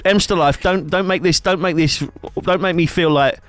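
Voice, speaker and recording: A man's voice: high voice, fairly even intonation, normal speed, a bit bright, dry recording, faint music behind. A man bantering casually on a livestream, reading out chat and joking around. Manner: jokey, rambling, chat-reading. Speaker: streamer co-host.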